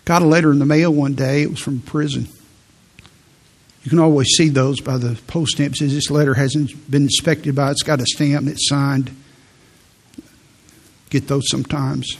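A man's voice: medium pitch, flat delivery, normal speed, long pauses. A man preaching a sermon, telling personal stories earnestly and reading scripture with growing fervor. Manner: earnest storytelling, rising to fervent scripture reading. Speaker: pastor.

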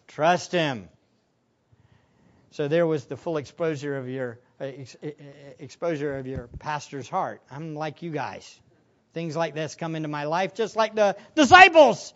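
A male pastor preaching with a lively, swooping pitch, his voice jumping up loud when he acts out other people. The sound is dull and lo-fi. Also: a little slow, pauses often. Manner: animated, acts out voices of disciples with sudden loud bursts. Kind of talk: sermon.

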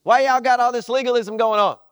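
A man voicing a casual, teasing Jesus in a sermon retelling, talking fast in slang. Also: very high voice, fairly even intonation, clear, resonant tone, no room sound, studio quality, long reverb tail. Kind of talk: retelling a scripture scene in a sermon.

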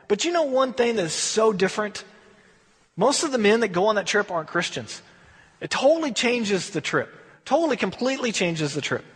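A man's voice: sits high, slightly rough, big-room sound. A man preaching a sermon as a pastor, conversational and emphatic, asking rhetorical questions.

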